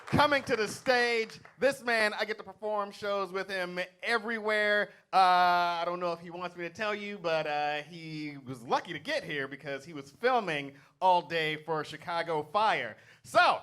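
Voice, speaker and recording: A man's voice: high voice, normal speed, hardly any pauses, smooth. A man emceeing a stand-up comedy show from a club stage, hyping up the crowd and introducing the next act. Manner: animated, hypes up the crowd.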